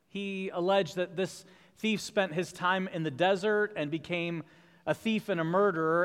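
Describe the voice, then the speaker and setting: A man's voice: high voice, fairly bright tone, clean tone, in a large hall. A man preaching a sermon in an earnest, questioning way. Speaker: pastor.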